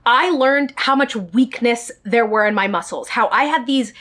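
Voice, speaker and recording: A woman's voice: fairly high pitch, moderate pace, fairly bright tone. A woman telling a personal story in a storytime vlog, speaking directly to her viewers. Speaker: vlogger.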